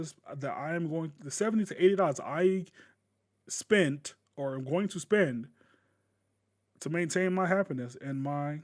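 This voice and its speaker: A man ranting casually to camera as a gaming YouTuber, blunt and profane, with sudden loud bursts. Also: a little high.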